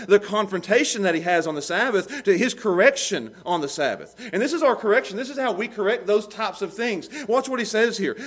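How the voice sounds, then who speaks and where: A man preaching a sermon with animated delivery, swinging between loud emphasis and low, quiet passages, laughing often as he talks.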